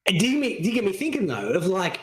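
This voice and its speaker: A man co-hosting a casual podcast, excitable, laughing often and swearing. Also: high voice, quick pace, echoey room. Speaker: podcast co-host.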